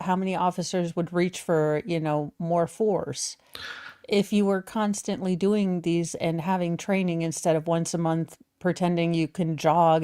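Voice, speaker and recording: A woman's voice: lowish voice, warm tone, clean tone. A woman co-hosting a live stream, giving opinionated, rambling remarks in casual chat. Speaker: stream co-host.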